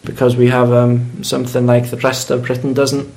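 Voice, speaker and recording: A man's voice: medium pitch, completely flat delivery, normal speed, darkish tone. A young man with a Welsh accent speaking firmly and casually in a group discussion, dropping in "like" often. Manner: firm, opinionated, uses "like" often. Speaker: interviewee.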